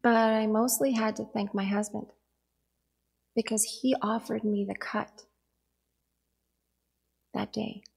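A woman's voice: mid-range voice, level tone, takes it slowly, creaky, long pauses, a little mellow, husky. A woman in her forties giving a reflective dharma talk, telling a personal story in an earnest, storytelling manner.

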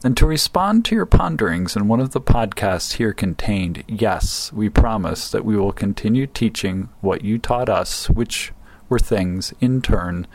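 A man's voice: lowish voice, animated, a little slow, no echo, rough recording. A man reading out an earnest tribute to his former teacher. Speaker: former student giving a tribute.

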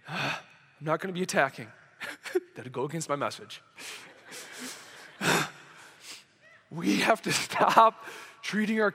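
A man's voice: high-pitched, sharp tone. A young man preaching a sermon, telling a story with emotion and acting out quoted dialogue. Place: church service hall. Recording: hall reverb.

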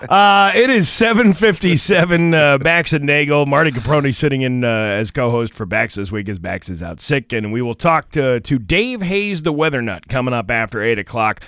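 A man's voice: medium pitch, moderate pace, few pauses, clear, resonant tone, no echo, studio quality. A man hosting a morning radio show, joking casually with his co-host and introducing clips. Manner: joking, animated.

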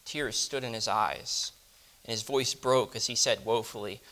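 Bright-voiced man telling a reflective story. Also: on the low side, a little slow. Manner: reflective, dropping to hushed tones. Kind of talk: first-person dramatic monologue.

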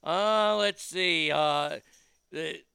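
A man's voice: on the high side, drawn-out words, gravelly, sharp tone, clear, resonant tone, no room sound, studio quality. A man hosting a talk show, ranting bluntly and swearing casually as he riffs on the news. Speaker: radio talk show host. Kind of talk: profane casual monologue.

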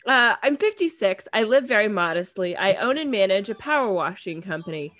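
A woman's voice: mid-range voice, animated, fairly quick, a bit bright, natural voice. A woman reading out a middle-aged man's advice letter in his voice, with a slight rural twang and a plain, earnest manner. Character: modest middle-aged man writing in for advice.

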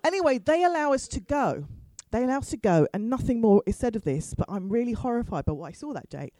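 A woman's voice: fairly high pitch, very animated, fast talker, warm tone, no room sound, rough recording. A middle-aged woman telling a comic story to an audience, chatty and self-mocking with asides to the crowd. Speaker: storyteller on stage.

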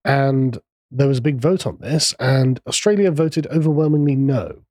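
A man's voice: medium pitch, normal speed, warm tone, no room sound. A man hosting a podcast, talking through politics in a casual, sardonic way. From England. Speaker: podcast host.

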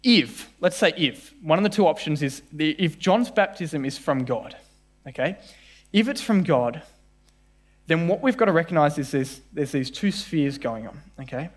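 A man preaching to a church congregation, his voice sitting a little higher than most men's. He is animated and talks straight to the people in front of him, and he slips into acted voices whenever he retells a scene. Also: normal speed. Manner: animated, acts out voices in quoted dialogue. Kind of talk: sermon.

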